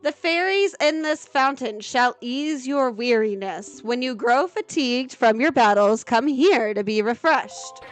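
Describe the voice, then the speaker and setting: Gentle fairy spirit from a game, high and unhurried, as a woman reads it out. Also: animated. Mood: kindly.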